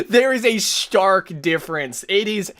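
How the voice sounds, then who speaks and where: A man hosting a casual live stream, animated and exasperated, who swears often and keeps laughing mid-sentence. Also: sits high. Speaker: streamer host.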